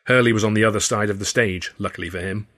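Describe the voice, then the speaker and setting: A man narrating his own novel in the first person, in a wry, measured storytelling manner. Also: lowish voice, fairly even intonation, fairly bright tone. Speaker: author reading his novel.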